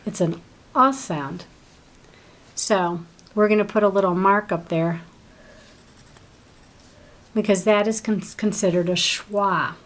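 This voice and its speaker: A woman's voice: mid-range voice, slow, pauses often, a little hiss or hum. A woman teacher giving a one-on-one reading lesson, patient and full of prompting questions.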